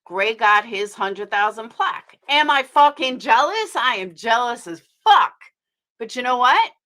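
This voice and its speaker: A woman's voice: fairly high pitch, lively intonation, a little slow, pushed and bright. Woman ranting on her livestream, swears a lot, rambly, voice bounces up and down. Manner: blunt, swears freely, rambling and heated. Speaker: livestream host. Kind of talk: casual live-stream commentary.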